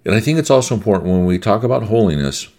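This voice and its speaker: A man's voice: fairly low pitch, expressive, quick pace, mellow. A middle-aged American man preaching a sermon, conversational and emphatic, repeating key words for stress.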